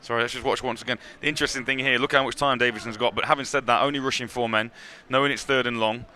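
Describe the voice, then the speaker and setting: A man calling live American football play-by-play, brisk and excitable at big plays. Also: medium pitch. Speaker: play-by-play commentator. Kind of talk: live sports commentary.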